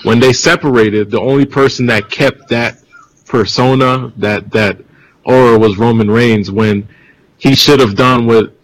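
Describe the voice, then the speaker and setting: A man talking on a casual podcast at a middling pitch, lively and theatrical. He breaks into play-by-play calls, acting out wrestling moves as he goes. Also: a little slow, slight background noise, rough recording. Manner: animated, acts out matches like a play-by-play.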